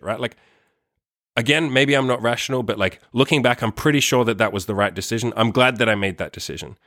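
A man's voice: mid-range voice, fast, a bit bright, dry recording, studio quality. A young man telling a personal story to camera in a rambling, profane way, full of fillers and tag questions. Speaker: vlogger.

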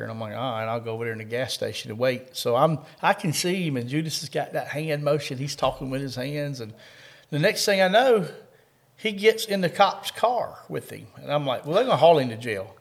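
A middle-aged Kentucky man with a Southern drawl, his voice sitting a bit high for a man. He tells a long, rambling hunting story in a folksy, storytelling way, laughing at the funny parts. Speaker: coon hunting dog handler. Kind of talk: telling a story in an interview.

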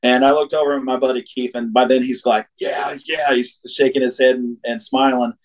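A man in casual conversation spins a long road story with easy, middle-pitched warmth. He laughs often, leans into the punchlines and briefly acts out the voices of the people he describes. A relaxed, chatty guest sharing a favorite tale. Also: normal speed, poor audio. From Ohio. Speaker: singer-songwriter guest.

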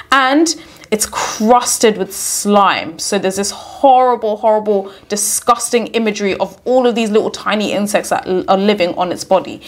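A teacher talking through an extract, woman. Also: medium pitch. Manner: explanatory, checks in with repeated "okay?". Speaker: English teacher. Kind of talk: exam lesson analysing a story extract.

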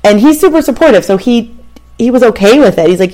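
With a mellow, expressive voice that runs a little high and moves at a quick pace, a show host in her thirties tells a personal story. The monologue is casual, candid and conversational, spoken directly to the listener.

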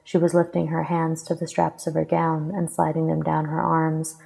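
A woman reading a romantic fantasy fan fiction aloud in steady, even storybook narration. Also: sits low, normal speed, creaky, slightly rough, low-quality recording.

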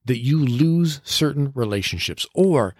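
A man's voice: mid-range voice, expressive, unhurried, darkish tone, no room sound. Middle-aged guy doing a pep-talk podcast, earnest, voice swings up and down a lot, dry close sound. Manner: earnest and encouraging, with self-mocking laughs. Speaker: podcast host and coach. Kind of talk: motivational podcast monologue.

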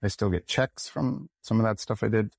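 Michigan-born actor guy, lowish voice, animated storytelling, dry close mic. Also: moderate pace, gravelly, no echo. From United States, Michigan. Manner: animated, acts out quoted dialogue. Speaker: actor, podcast guest. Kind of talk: conversational interview storytelling.

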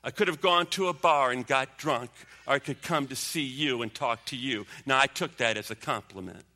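A man preaching a sermon as pastor, emphatic, sinking low and quiet for stories. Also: normal speed, long reverb tail. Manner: emphatic preaching, drops low and quiet when telling a story.

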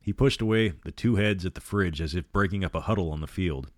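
Low-voiced guy reading a spooky story, dry close sound, does all the voices himself. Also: fast talker, no room sound. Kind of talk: scripted narration of a horror novel.

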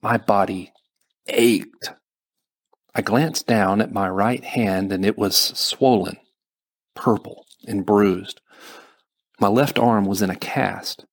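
A man narrating a first-person novel as an audiobook, slow and measured. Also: lowish voice, fairly even intonation, slightly rough.

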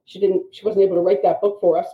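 A woman teaching writing craft, explaining in an animated way with quick asides. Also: lowish voice. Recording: dull, echoey audio.

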